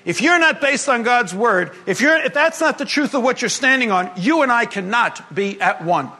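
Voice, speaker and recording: A man preaching a sermon to a congregation, animated and humorous, moving between emphatic and hushed delivery. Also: very high-pitched, moderate pace. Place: congregation gathering.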